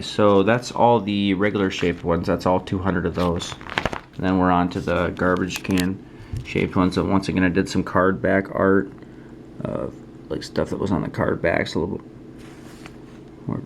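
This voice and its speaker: A man with a low, gravelly voice walks through his trading card sketches in a relaxed show-and-tell. He rambles and thinks aloud, often pausing to criticize his own work. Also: noisy background.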